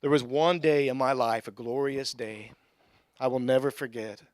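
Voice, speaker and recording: A young adult male pastor giving a conversational sermon in a church, with joking asides and bursts of excitement. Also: mid-range voice, moderate pace, no echo, studio quality. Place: church sanctuary.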